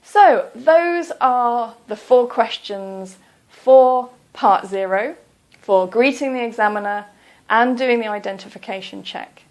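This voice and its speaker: A woman tutor delivers an English speaking-test lesson in a slightly high voice. She speaks very slowly and carefully, spacing out each phrase like a scripted teaching video. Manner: slow, careful, clearly enunciated. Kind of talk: slow scripted instruction.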